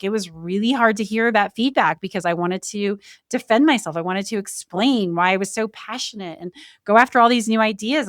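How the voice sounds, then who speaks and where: A woman hosts a solo podcast, speaking in an earnest, reflective voice of middling pitch. She often slows right down and leaves pauses to land a point. The sound is dry and close, with no room echo. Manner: candid and emotional, with brief laughs. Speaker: podcast host.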